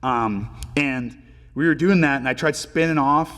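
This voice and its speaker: A man in his twenties, a pro hockey player telling stories as a podcast guest in a relaxed, filler-heavy way and swearing casually. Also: medium pitch, a little slow, big-room sound. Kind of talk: casual storytelling interview.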